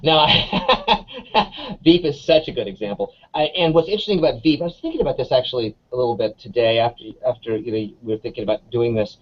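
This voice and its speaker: A man, an English professor, chatting in an interview as an animated storyteller full of restarts and fillers. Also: mid-range voice. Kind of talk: casual conversational interview. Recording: dull lo-fi sound.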